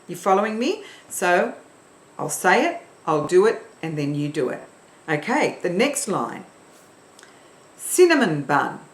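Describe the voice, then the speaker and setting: Lively woman teacher in an echoey room. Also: fairly low pitch, a little slow, slight background noise. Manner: encouraging, counts in the learners. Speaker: singing teacher. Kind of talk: online warm-up lesson.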